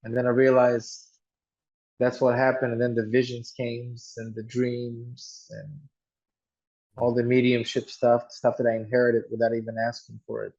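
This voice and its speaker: A man's voice: medium pitch, monotone, normal speed, gravelly, darkish tone, dull audio. A man telling a personal story earnestly, often restarting and repeating words. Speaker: guest telling his story.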